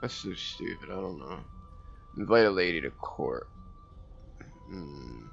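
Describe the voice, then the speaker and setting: His voice sits low and gravelly, with lively intonation and a measured pace, as this gameplay commentator talks casually through a strategy game. He reads the text, thinks out loud, and hiccups now and then. The audio is dull, and soft background music plays.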